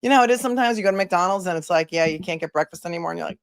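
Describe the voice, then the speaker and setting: A woman's voice: lowish voice, rapid-fire, hardly any pauses, dry recording, clean studio sound. A woman attorney hosting a casual livestream, chatty and joking as she talks straight to her viewers.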